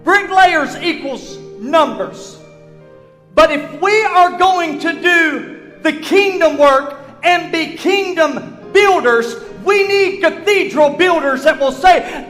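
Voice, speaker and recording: A male pastor preaching a sermon in a church, swinging between shouted passages and hushed ones. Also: very high-pitched, expressive, slow pace. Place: church sanctuary. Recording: long hall reverb with faint music.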